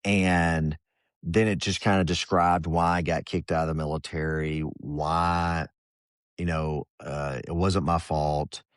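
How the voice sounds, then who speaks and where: A former soldier in middle age, speaking in a very deep, low register. He talks in a loose, rambling way, acting out the voices he heard. The sound is dry and close, with no room behind him. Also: slow pace, no room sound. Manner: relaxed, rambling, drops into quoted inner voices. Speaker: guest, former Army Ranger. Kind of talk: candid conversational storytelling.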